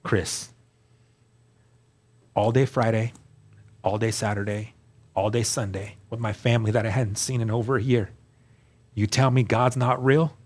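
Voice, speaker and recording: A man telling his story as a guest, earnest and animated, acting out the dialogue he quotes. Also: on the low side, unhurried, long pauses. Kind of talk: storytelling testimony.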